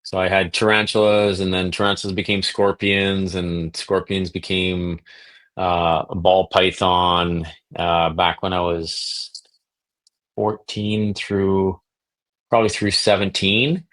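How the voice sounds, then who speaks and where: Deep-voiced man telling stories on a podcast. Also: takes it slowly. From Canada. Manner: animated storyteller, acts out quotes. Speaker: guest, reptile breeder. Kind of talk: casual podcast storytelling.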